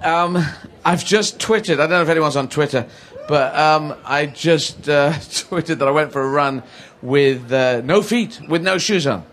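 A man's voice: fairly high pitch, measured pace, few pauses, fairly bright tone. A British man, a stand-up comedian, chatting casually in a rambling, jokey way with many fillers. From Britain. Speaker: comedian guest. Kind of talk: casual comic chat.

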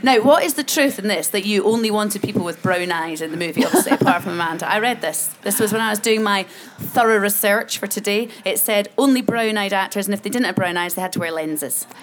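A woman's voice: mid-range voice, quick pace, hardly any pauses, noisy background. A British woman interviewing film guests in a chatty, laughing manner with leading questions. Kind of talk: press junket interview.

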